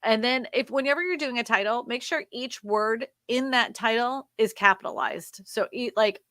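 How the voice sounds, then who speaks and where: A woman's voice: fairly high pitch, fairly bright tone, no room sound. A woman co-hosting a livestream, giving direct, casual coaching feedback on video thumbnails. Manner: direct coaching, quick asides.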